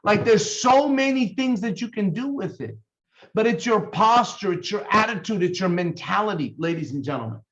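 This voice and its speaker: A man's voice: high voice, animated, moderate pace, fairly bright tone, muffled recording. Fired-up man leading a sales team. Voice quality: fired up, emphatic, intense delivery. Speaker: team leader. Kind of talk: motivational sales training talk.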